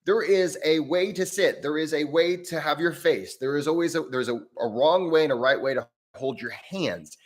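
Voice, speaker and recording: A man's voice: on the high side, normal speed, few pauses. A man hosting a live Q&A as a breathwork coach, explaining in an earnest way and thinking aloud as he answers member questions.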